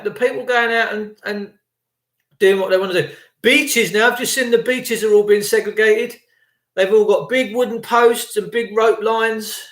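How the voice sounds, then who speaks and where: A man's voice: high voice, fairly bright tone, echoey room. A man delivering an indignant, sarcastic ranting monologue. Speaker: vlogger.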